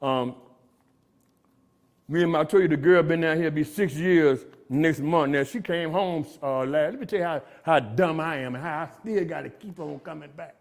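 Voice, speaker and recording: A man's voice: on the high side, normal speed. A middle-aged man giving a streetwise recovery testimony to inmates, preachy and calling everyone "man" as he talks. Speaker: recovery speaker. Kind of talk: testimony talk. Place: jail meeting room.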